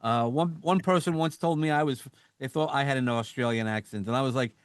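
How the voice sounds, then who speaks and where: A man's voice: medium pitch, brisk, clear, resonant tone, no room sound, clean studio sound. A man with a New York accent hosting a podcast, upbeat and friendly, often saying "you know". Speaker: podcast host. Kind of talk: casual interview chat.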